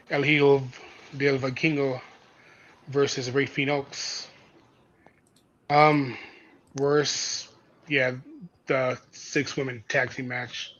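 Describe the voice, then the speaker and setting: Male co-host, sharp tone, dry wit, dull lo-fi mic. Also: medium pitch, little pitch movement, slow pace, pauses often, a little hiss or hum. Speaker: podcast co-host. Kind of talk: casual wrestling chat.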